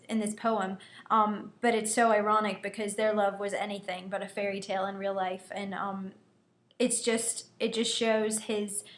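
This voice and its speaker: A young woman discussing a poem for a class presentation, hesitant with frequent "um"s. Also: medium pitch. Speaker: student analysing a poem. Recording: echoey room.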